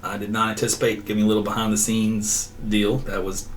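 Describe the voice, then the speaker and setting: A middle-aged male meteorologist chats loosely to his viewers and drifts off on tangents. He laughs often and keeps a relaxed, folksy ease. He sits a little back from the mic, with a faint hiss underneath. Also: on the low side, brisk. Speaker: meteorologist host. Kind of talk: casual livestream chat. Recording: slightly distant mic with faint background noise.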